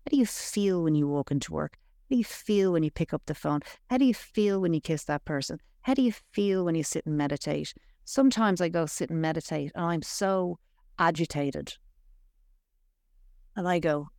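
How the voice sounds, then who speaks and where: A woman's voice: on the low side, darkish tone, no echo, clean studio sound. A woman speaking as a podcast guest, teaching on spirituality with emphatic, repetitive, punchy phrasing. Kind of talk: conversational teaching.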